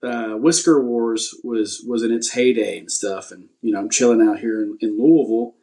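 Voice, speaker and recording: A relaxed man talks about himself as a guest on a podcast, his mid-pitched voice easygoing. He hesitates often and pokes fun at himself. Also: moderate pace. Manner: laid-back, self-deprecating, hesitant with fillers. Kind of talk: casual interview chat.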